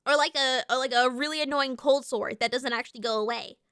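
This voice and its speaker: A woman streamer chatting casually with her live chat, excitable and swearing freely, with lots of fillers and restarts. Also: high-pitched, a little fast, smooth, no echo, studio quality.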